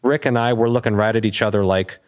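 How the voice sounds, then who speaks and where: A man, a police officer guest, telling an anecdote with animated delivery and acted-out dialogue. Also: on the low side, fast talker. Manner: animated, acts out quoted dialogue. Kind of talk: storytelling anecdote.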